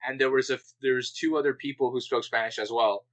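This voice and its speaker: A man from Canada, telling an animated story in a casual podcast chat. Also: mid-range voice, quick pace, rough recording. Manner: animated storyteller, chatty and relaxed.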